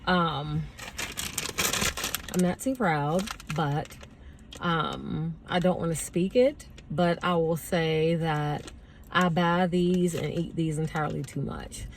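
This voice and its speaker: A woman with a slightly low voice tells a story in a chatty, animated way. She speaks from a parked car, with a faint hum of ambience behind her. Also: slow. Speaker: vlogger. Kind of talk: casual storytelling.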